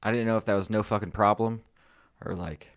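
A man's voice: lowish voice, steady tone, fairly quick. A young man co-hosting a podcast, joking and swearing casually in a laid-back way. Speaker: podcast co-host. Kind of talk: casual chat.

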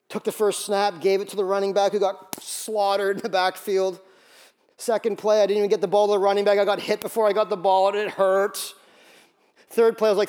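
A man pastor preaching a sermon, animated and storytelling, acting out quoted voices. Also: high-pitched, a little fast.

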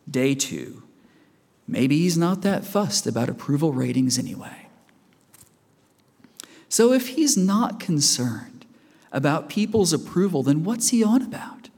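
A man's voice: on the high side, creaky, darkish tone, husky. A man preaching a sermon in a church, conversational and asking the congregation questions as he goes. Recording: reverberant church hall.

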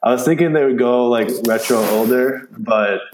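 A man's voice: medium pitch, normal speed, darkish tone, reverberant, slight background noise, poor audio. A man co-hosting a casual sports betting podcast, hesitant and thinking aloud as he talks. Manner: hesitant, many fillers and restarts. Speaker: podcast co-host.

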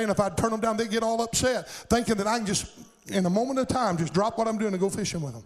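High-voiced preaching pastor who shouts at peaks. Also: male voice, a little fast, rough recording. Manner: preaching with call-and-response cries, rising to shouts. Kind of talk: sermon.

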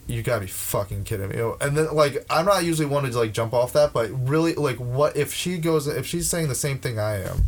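A young man venting in a casual chat, profane and heated, tripping over his words as he starts sentences again. His voice sits at an ordinary middle pitch. A faint hiss of noise runs under the recording. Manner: profane, ranting, with many restarts.

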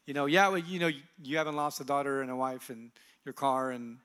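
A man in his thirties, a pastor, sharing a personal testimony on a church stage in an earnest, soft-spoken, halting way. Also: mid-range voice, smooth.

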